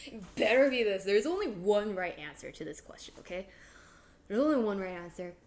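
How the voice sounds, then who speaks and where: A woman's voice: medium pitch, animated, a little fast, darkish tone. A woman chatting casually through a cooking livestream, playful and bubbly as she talks to her viewers. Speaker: streamer.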